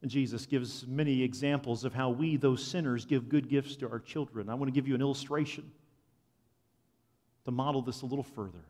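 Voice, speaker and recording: A man preaching a sermon, swinging from loud proclamation to quiet, confiding asides. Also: medium pitch, steady tone, fairly quick. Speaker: pastor. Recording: long hall reverb.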